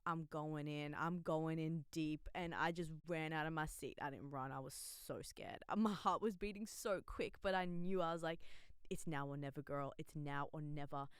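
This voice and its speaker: A woman's voice: low voice, steady tone, moderate pace, smooth, no echo. A young woman telling her faith story in a casual, candid vlog, with lots of filler words. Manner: chatty and candid, many "like" fillers, laughs easily. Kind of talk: casual spoken testimony.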